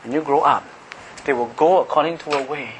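A middle-aged man with a Singaporean English accent preaching an impassioned sermon, often rising to a shout. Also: on the high side, a little fast, a little hiss or hum, rough recording. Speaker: pastor.

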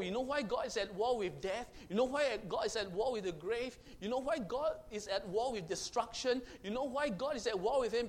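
A man with a high-pitched voice preaches a sermon. He moves between booming proclamations and hushed, close passages, and drives his points home by repeating phrases. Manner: swings from loud proclaiming to hushed intimate tones; repetitive, emphatic phrasing.

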